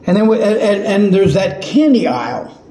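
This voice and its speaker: A man preaching a sermon in an earnest, halting way, often restarting his words. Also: high-pitched, sing-song, warm tone. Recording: echoey room.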